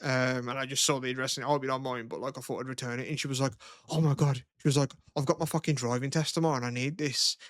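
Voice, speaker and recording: A man's voice: mid-range voice, fairly even intonation, rapid-fire, hardly any pauses, fairly bright tone, no room sound, studio quality. A man, a podcast co-host telling a story in casual, rambling chat full of swearing and fillers.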